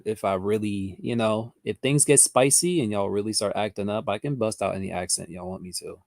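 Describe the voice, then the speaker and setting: Speaking fairly quickly with hardly any pauses, this man has a low-ish, gravelly, darkish voice, captured in clean studio quality with no room sound. He's a trading educator running a casual livestream lesson, answering viewers and reading their chat comments out loud.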